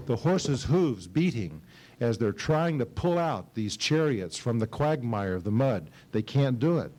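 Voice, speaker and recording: A middle-aged man preaching from the pulpit, his voice mellow and dark-toned. He reads scripture with dramatic pauses and emphasis, then turns to put questions to the congregation like a teacher. His pitch sits right in the middle for a man. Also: a little hiss or hum, poor audio. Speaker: pastor. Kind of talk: expository sermon with Bible reading. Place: church service.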